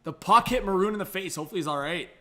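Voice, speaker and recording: A young man hosting a live hockey reaction stream, chatty and excitable, thanking viewers and coaxing his dog. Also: high-pitched, very fast. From Canada. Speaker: livestream host.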